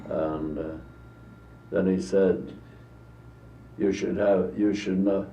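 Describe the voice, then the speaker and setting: An American man in his eighties, telling long anecdotes in a rambling, halting way during an interview. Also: sits low, fairly even intonation, vocal fry, warm tone, slight background noise. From United States. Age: 80s. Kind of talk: recorded archival interview. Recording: dull distant 1950s tape in an echoey room.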